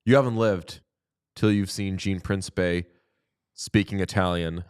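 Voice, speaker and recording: A man's voice: low-pitched, steady tone, unhurried, clean tone. A man hosting a sports podcast in casual chat, playful and teasing. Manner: playful, teasing, jumps into sing-song bits. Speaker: podcast host.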